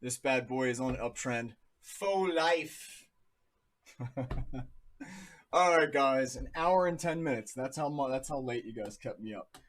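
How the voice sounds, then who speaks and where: A man's voice: mid-range voice, normal speed, fairly bright tone. A man in his thirties from New Jersey, casually talking through charts on a live stream in a chatty, jokey way. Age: 30s. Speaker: crypto livestream host.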